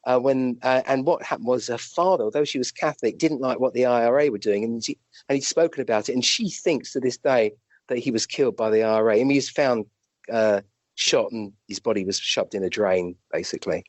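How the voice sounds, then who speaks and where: In a dry recording, a British male guest who works as a physician and medium tells fairly quick, rambling stories. He is chatty and animated, repeatedly restarting, acting out quotes, and letting his pitch jump up.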